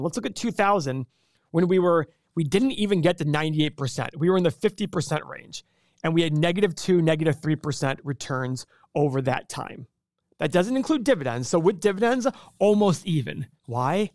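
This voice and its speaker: A middle-aged man talks through investing in a casual, emphatic way, firing off rhetorical questions and acting out what others say. His voice sits a little high for a man. The sound is close and dry, with no room around it. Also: no room sound. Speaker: investing show host. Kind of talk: casual explanatory talk to camera.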